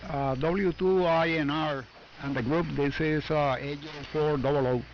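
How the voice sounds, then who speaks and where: Older ham operator with a Puerto Rican accent, friendly and halting, fairly high voice over muffled radio. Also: male voice, fairly even intonation. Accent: Puerto Rican Spanish. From Puerto Rico. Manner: friendly, halting, many "uh" and "you know". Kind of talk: casual on-air radio chat. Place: home basement. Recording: muffled amateur radio audio, faint static.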